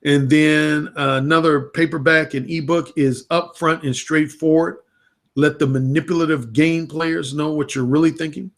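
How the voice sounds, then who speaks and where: A man with a somewhat raised pitch talks straight into a webcam on a livestream. His manner is casual and unfiltered. He drops profanity freely as he speaks. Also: fairly even intonation, moderate pace. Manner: frank, unfiltered, profane talk. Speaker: dating coach and author.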